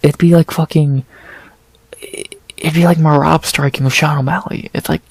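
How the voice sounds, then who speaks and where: A man's voice: a little high, a little slow, gravelly, breathy edge, no room sound. A man ranting and swearing through a casual recap of a fight, stammering and restarting as he goes, exasperated. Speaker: MMA recap host.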